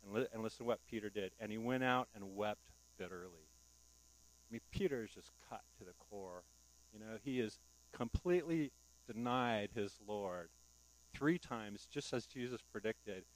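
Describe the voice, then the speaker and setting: A man's voice: fairly low pitch, normal speed, rough recording. Conversational male pastor preaching. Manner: conversational preaching with rhetorical questions. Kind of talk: sermon. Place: church.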